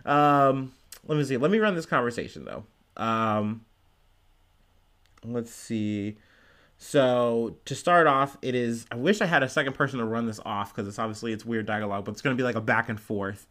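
Male vlogger, middling pitch, chatty and rambling commentary. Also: normal speed. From United States. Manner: rambling, filler-heavy, animated retelling. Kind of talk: casual commentary vlog.

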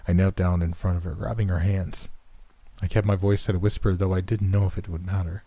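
A man narrating a first-person horror story in a steady, measured, subdued way. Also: sits low, dry recording.

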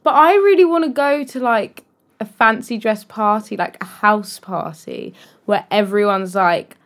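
A woman's voice: mid-range voice, measured pace. A young woman co-hosting a podcast in casual, playful chat, fond of joking around. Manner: playful, jokey, tries out accents. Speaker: podcast co-host.

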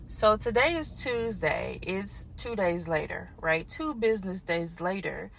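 A woman podcast host telling a frustrating story in a casual, animated way, talking straight to her listeners. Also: mid-range voice, unhurried, gravelly, few pauses. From Houston. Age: adult parent.

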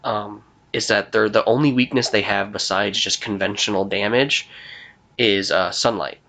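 A man's voice: on the low side, normal speed, vocal fry. A young man running a tabletop game as game master, rambling with lots of fillers. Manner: rambling, filler-heavy, relaxed. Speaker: game master and podcast host.

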